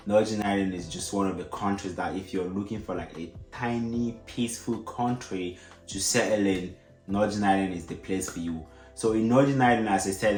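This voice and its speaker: A man's voice: sits low, a little mellow, echoey room. A man with an African accent, explaining things to viewers in a casual, repetitive way with frequent fillers. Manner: casual, repeats himself, many fillers. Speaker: vlogger.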